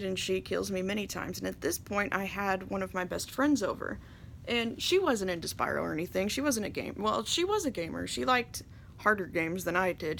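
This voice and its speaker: Young adult woman, casual storyteller host; animated, laughs often, mid-range voice. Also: medium pitch, slight background noise. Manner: animated, laughs often, swings between hushed and excited. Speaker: video host. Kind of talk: casual storytelling about games.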